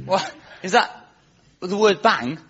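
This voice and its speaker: A man's voice: high-pitched, animated, takes it slowly, over loud music. A man doing a stand-up comedy monologue as host, telling self-mocking stories in a wry way. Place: live venue with audience. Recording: lo-fi live recording with audience laughter. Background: audience laughter.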